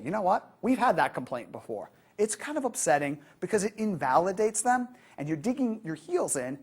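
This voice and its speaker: A woman giving a training lecture on customer service, lively and acting out the customers she quotes. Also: mid-range voice, slightly rough.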